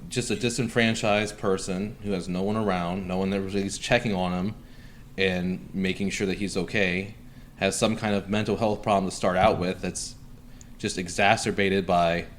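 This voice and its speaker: A man's voice: low-pitched, level tone, normal speed, slight background noise. A man hosting a casual podcast, talking in a profane, sarcastic, rambling way. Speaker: podcast host.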